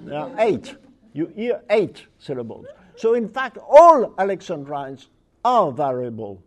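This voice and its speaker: High-voiced guy giving a lecture, slow and halting, keeps hunting for words. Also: very animated. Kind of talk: academic lecture.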